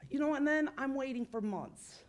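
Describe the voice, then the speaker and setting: A woman's voice: high-pitched, animated, normal speed. A woman speaking at public comment in a village council meeting, upset and insistent, apologizing for her emotion while pressing her complaint.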